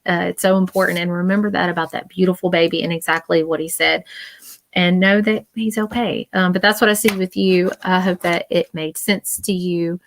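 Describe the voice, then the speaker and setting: Low-voiced woman giving an earnest reading. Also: steady tone, a little fast. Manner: earnest, reassuring, repetitive; emotional. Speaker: psychic medium. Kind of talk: live-stream reading.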